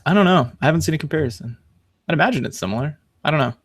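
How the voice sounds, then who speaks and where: Talking very fast in a fairly high voice with a breathy edge, a man hosts a casual podcast, rambling through fillers and restarts while laughing at his own animated stories. The clean studio sound has no room sound at all.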